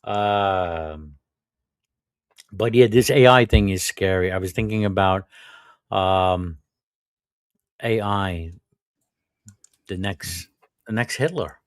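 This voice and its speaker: A man's voice: low voice, takes it slowly, pauses often, clear, resonant tone, no echo, clean studio sound. A man hosting a casual live stream chat, bantering and laughing, with many restarts. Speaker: host.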